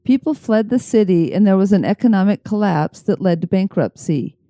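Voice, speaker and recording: A woman co-hosting a podcast, reading scripted narration in a measured, even way. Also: medium pitch, dry recording, studio quality. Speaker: podcast co-host.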